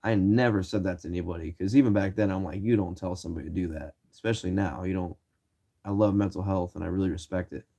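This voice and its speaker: Laid-back low-voiced young man from Ohio. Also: fairly even intonation, fast talker, vocal fry. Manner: loose, swearing, acts out quoted shouts. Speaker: streamer. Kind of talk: casual storytelling.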